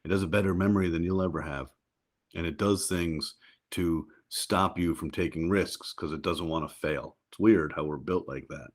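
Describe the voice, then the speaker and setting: A middle-aged man talking as a guest on a podcast, lively and quick to jump up in pitch when he tells a story. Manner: animated, jumps up in pitch when telling stories. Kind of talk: casual interview chat.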